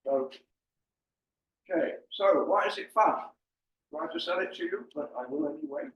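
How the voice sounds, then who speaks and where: In a meeting room before an audience, an older man gives a lighthearted slide presentation, chatty and heavy on ums. He speaks at a normal speed with a slightly high voice. A distant microphone makes the recording roomy and muffled.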